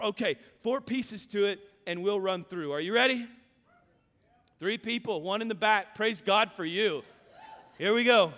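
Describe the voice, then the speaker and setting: A middle-aged man preaching a sermon, telling stories and going hushed at the emotional moments. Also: high-pitched, a little slow. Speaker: pastor. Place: large hall with reverb. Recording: reverberant hall.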